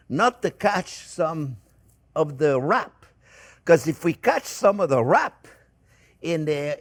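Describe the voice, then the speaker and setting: An older man with a French accent, demonstrating a recipe in a kitchen in a chatty, repetitive way, often calling his viewers friends. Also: fairly high pitch. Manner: chatty, repeats himself, addresses viewers as friends. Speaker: cooking show host. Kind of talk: casual cooking demonstration.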